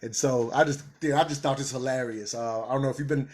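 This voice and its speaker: Male host riffing casually, animated and amused, stumbles into restarts, average pitch. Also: fast. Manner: animated, laughing, repeats words when excited. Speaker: commentary channel host. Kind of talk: casual commentary.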